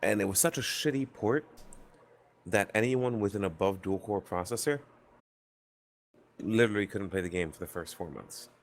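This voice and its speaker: A man with a very low voice lays out strong opinions in a casual panel chat. Faint noise hums under the recording. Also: moderate pace, pauses often. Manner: opinionated, explaining. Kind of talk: casual round-table chat.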